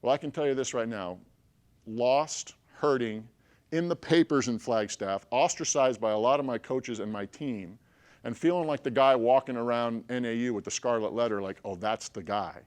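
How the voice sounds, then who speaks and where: A man telling a personal story to a group of listeners. He talks in an animated way, swinging between loud bursts and hushed stretches and checking in with his listeners as he goes. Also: medium pitch, moderate pace, clear, resonant tone. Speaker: motivational speaker.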